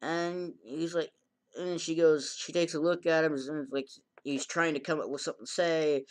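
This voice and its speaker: A man's voice: a little high, steady tone, normal speed. A man casually recapping an anime episode in a rambling way, acting out the characters' lines in a raised voice. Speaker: anime reviewer.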